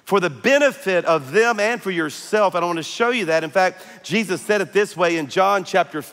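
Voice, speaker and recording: A man's voice: high voice, animated, normal speed, a bit bright, big-room sound. A male pastor, preaching a conversational sermon with frequent fillers. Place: large church auditorium.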